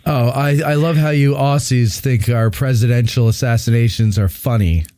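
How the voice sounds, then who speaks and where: A man's voice: medium pitch, fairly even intonation, moderate pace, dark tone, no room sound, studio quality. A man hosting a talk show with callers, casual and teasing, laughing often. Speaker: host.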